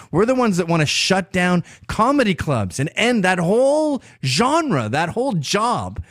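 A man's voice: a little high, no room sound, studio quality. A man hosting a podcast, delivering a brash, crude and sarcastic opinion monologue. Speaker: podcast host.

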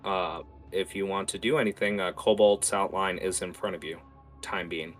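A man narrating a tabletop game as its game master, animated and full of filler words. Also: sits low, moderate pace, soft background music.

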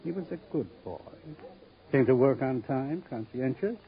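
An actor playing a suave, sardonic gangster boss in a 1950s radio drama, with a silky, languid, ironic drawl. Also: male voice, medium pitch, expressive, normal speed, natural voice. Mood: silky mocking. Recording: dull old radio broadcast recording.

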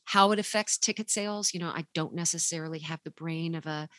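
A woman co-hosting a theater podcast in relaxed chat, affirming and reflective. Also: deep voice, fast talker, dry recording. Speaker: podcast co-host. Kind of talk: casual chat.

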